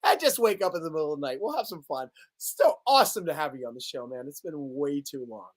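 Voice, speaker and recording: A man's voice: fairly high pitch, sing-song, fast talker. A man hosting a live sports talk stream, chatting casually in a playful, joking way and laughing often. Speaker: sports show host.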